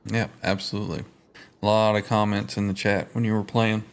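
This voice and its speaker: A man hosting a casual live stream chat. He greets viewers in a relaxed, welcoming way and clears his throat often. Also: on the low side, a little fast, background noise. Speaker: host.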